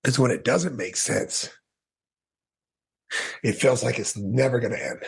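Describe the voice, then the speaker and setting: A man's voice: mid-range voice, measured pace, gravelly, slightly rough. A man as a podcast guest, telling his personal story in an earnest way, often restarting his sentences. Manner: earnest, restarts sentences, animated when quoting.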